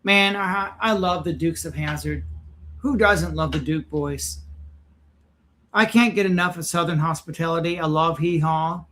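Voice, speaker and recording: A high-pitched man gives reaction commentary on a clip. He is indignant and sarcastic, with a preaching edge to how he talks. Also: measured pace, pushed and bright, a little hiss or hum.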